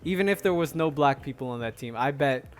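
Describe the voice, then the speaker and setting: A man's voice: a little high, expressive, fast talker. A man hosting a solo podcast, chatting casually in a rambling way with lots of fillers. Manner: rambling, many fillers and restarts, laughs often. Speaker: podcast host.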